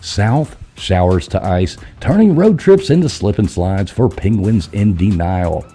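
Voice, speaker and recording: A man hosting a podcast, running through the news with crude, irreverent jokes and quick asides. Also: lowish voice, expressive, dark tone, husky. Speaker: podcast host. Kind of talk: crude comedic news rundown.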